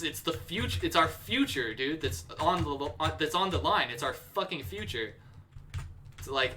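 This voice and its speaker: A man's voice: on the high side, bright, forceful tone. Heated young man ranting on a stream. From United States. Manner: heated, profane, ranting with restarts. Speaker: livestreamer. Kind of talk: casual livestream rant.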